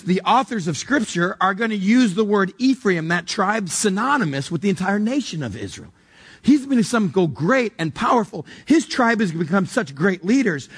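A man's voice: high voice, slightly rough. A male pastor delivering a sermon in a conversational, emphatic way, asking the congregation direct questions.

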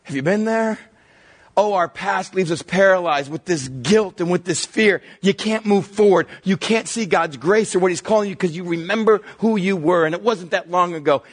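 Male pastor, higher-pitched husky voice, lively storytelling sermon with hushed drops. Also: moderate pace. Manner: animated storytelling, drops to hushed low tones for emphasis.

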